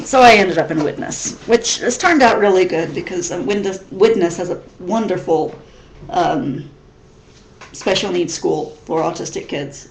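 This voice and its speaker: A woman's voice: mid-range voice, a little hiss or hum. A woman in her thirties from Missouri whose American accent is mixed with English, chatting in a rambling, casual vlog Q&A style. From Missouri, United States. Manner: chatty, rambling, frequent restarts. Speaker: vlogger. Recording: roomy echo.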